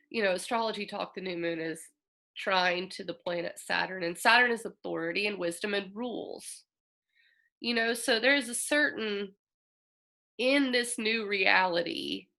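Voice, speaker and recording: A woman's voice: medium pitch, creaky, sharp tone. A woman astrologer hosting a casual, earnest talk, reflective and openly emotional as she speaks. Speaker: astrologer host.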